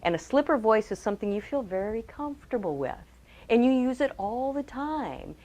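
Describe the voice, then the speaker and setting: Lively woman giving a training talk. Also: fairly high pitch, normal speed. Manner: lively, acts out quotes in changed voices; asks the audience direct questions. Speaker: communication trainer.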